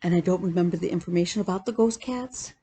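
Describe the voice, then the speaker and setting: A woman vlogging about her cross-stitch hobby, telling animated, chatty stories with laughs. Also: on the low side, fast talker, slight background noise. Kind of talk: casual chat.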